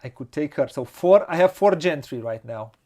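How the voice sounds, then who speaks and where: A man with a Romanian accent, a non-native English speaker, hosting a board game playthrough and thinking aloud slowly and hesitantly, with frequent laughs. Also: a little high, expressive, dark tone. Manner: slow, hesitant, muttering to himself, laughs often. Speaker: board game channel host.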